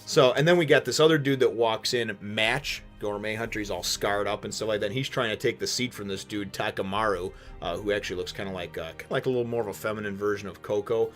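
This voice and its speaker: A man hosting a casual manga chapter review, rambling with many fillers and restarts and sudden animated bursts. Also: on the low side, fast, few pauses, faint music behind.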